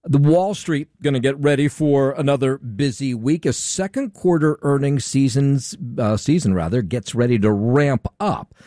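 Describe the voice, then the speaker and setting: A man anchoring a morning radio newscast, reading headlines, markets and traffic in a brisk, matter-of-fact way. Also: mid-range voice, warm tone, no echo, studio quality. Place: radio studio. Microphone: studio microphone.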